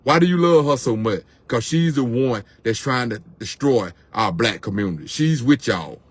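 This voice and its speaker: A man's voice: medium pitch, animated, moderate pace, slightly rough, dry recording. A middle-aged man, venting on camera in an impassioned, repetitive rant to his viewers. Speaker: vlogger.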